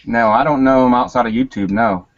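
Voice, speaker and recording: A man's voice: mid-range voice, a little fast, lo-fi sound. A man who builds guitars, chatting casually with hesitant fillers. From Pennsylvania. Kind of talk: casual group chat.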